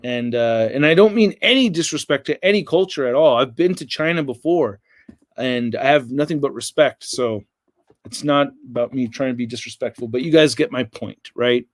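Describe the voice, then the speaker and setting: A man's voice: medium pitch, normal speed, no room sound. An American man hosting a casual livestream, rambling and reading viewer comments aloud. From United States. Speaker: livestream host.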